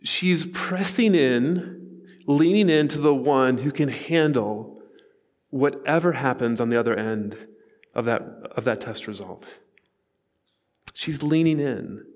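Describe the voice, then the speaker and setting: A man's voice: mid-range voice, measured pace, long pauses, long reverb tail. A man in his forties preaching a sermon, telling stories in an earnest, conversational way with asides to the congregation. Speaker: pastor. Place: church sanctuary.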